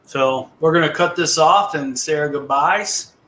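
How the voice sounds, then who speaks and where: A man's voice: on the high side, unhurried, fairly bright tone, low-quality recording. Laid-back man hosting a casual stream. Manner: laid-back, rambling with fillers. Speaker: host. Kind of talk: casual live-stream chat.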